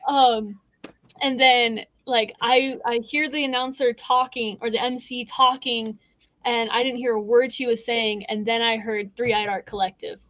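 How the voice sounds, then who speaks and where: A woman's voice: a little high, steady tone, measured pace, fairly bright tone, no room sound, lo-fi sound. A woman hosting a podcast, telling a story in casual chat, laughing and swearing often. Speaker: podcast host.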